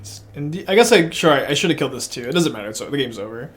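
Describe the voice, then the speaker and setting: Racing along at medium pitch, a Texas-accented man streams his online card game and thinks aloud into a desk mic. The casual commentary is rambling and excitable.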